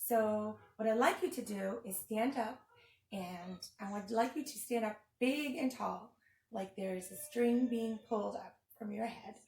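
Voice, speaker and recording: A woman preschool teacher gently guiding small children through a yoga activity. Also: mid-range voice, unhurried, creaky, reverberant. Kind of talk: children's storytime and yoga lesson.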